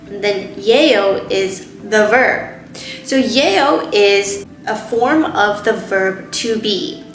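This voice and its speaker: Clear, patient woman teaching a lesson. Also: fairly high pitch, a bit bright, reverberant. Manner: slow, careful explanations with spelled-out examples. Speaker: Korean language teacher. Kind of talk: online language lesson.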